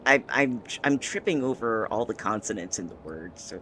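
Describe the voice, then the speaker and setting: Bright-voiced man musing on a game. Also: fairly low pitch, lively intonation, moderate pace, slight background noise. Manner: thoughtful, explains his interpretations. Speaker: streamer. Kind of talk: casual game-stream commentary.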